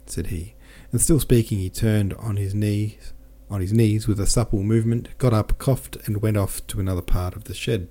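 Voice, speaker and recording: A man narrating a novel as an audiobook, reading in a steady, measured way. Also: on the low side. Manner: steady, measured reading with small self-corrections.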